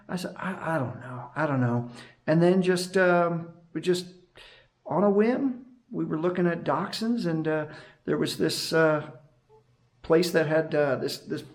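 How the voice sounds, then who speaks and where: A middle-aged man talks straight into an action camera in a loose, rambling vlog chat. His voice sits a little high for a man, and he laughs easily between thoughts. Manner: chatty and rambling, laughs often. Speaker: vlogger and night guard.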